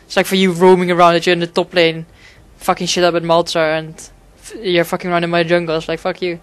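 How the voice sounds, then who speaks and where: A man's voice: sits high, monotone, fast, clear, resonant tone, no echo. A man giving casual gameplay commentary, rambling and swearing a lot, with frequent fillers and restarts. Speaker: gaming commentator.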